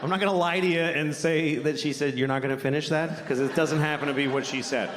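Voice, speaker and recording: A man's voice: a little high, steady tone, fast. A man performing a stand-up comedy set on stage, talking bluntly and profanely in a loose, conversational way with exaggerated rants. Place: theater stage before a laughing audience. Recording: reverberant live hall with crowd noise.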